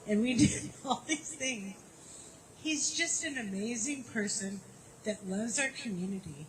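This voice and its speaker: A woman's voice: medium pitch, rough recording. Woman choking up n laughing in a tribute speech, handheld mic, bit of room noise. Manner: warm, laughing through tears. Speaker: community program director.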